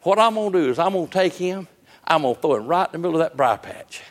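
A crafty old fox with a drawl gloats over his catch, as a preacher puts him on. The voice is pitched a little high, with the folksy lilt of a spoken storybook. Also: expressive, fast, big-room sound, close to an everyday voice. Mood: gloating. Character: sly scheming old male fox.

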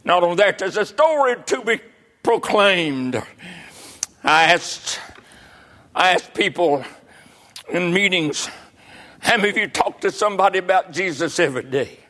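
Older male preacher, high and bright, fervent, swinging from shouts to near whispers. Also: expressive, unhurried, long pauses. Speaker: pastor. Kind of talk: sermon.

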